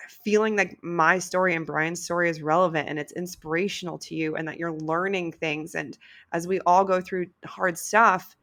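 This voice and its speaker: A woman's voice: on the low side, fairly even intonation, moderate pace, a bit bright. A middle-aged woman hosting her own podcast, talking candidly and casually, swearing freely and getting emotional. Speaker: podcast host. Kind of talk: casual solo podcast talk.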